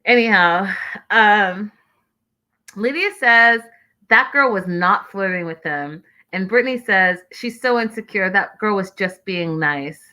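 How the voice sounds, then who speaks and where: A woman's voice: mid-range voice, pushed and bright. A woman hosting an online reality TV recap show, chatting in a sassy, exasperated way and mimicking people as she rants. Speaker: host.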